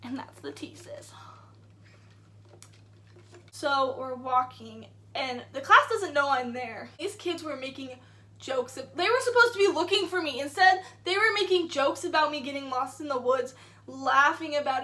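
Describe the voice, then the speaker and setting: Young woman, vlogger, high-pitched, casual storytelling, fillers, indignant tone. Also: expressive, moderate pace, sharp tone. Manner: chatty, frequent "like" fillers; indignant retelling.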